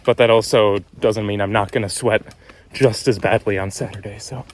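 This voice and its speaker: A man's voice: fairly low pitch, steady tone, moderate pace. A young man chatting upbeat and self-teasing in a casual hiking vlog, recorded on a handheld camera on a wooded trail outdoors. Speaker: vlogger.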